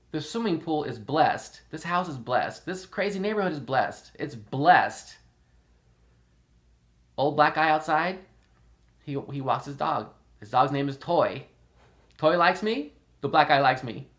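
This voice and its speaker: A man's voice: fairly high pitch, very animated, slow, long pauses, a bit bright. A man talking casually and rambling at home, repeating himself and laughing often. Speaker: podcast host. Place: indoors in a house.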